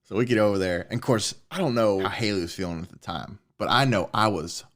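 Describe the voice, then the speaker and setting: A man, a podcast co-host telling a personal story in casual chat, swearing often and getting excited. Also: lowish voice, fast talker. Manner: animated, swears a lot, rising excitement.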